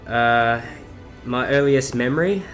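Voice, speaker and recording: A man's voice: medium pitch, slow pace, fairly bright tone, soft background music. A seventeen-year-old man with a South Australian accent, rambling through a casual Q&A vlog with lots of fillers and swearing. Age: teens. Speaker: YouTuber.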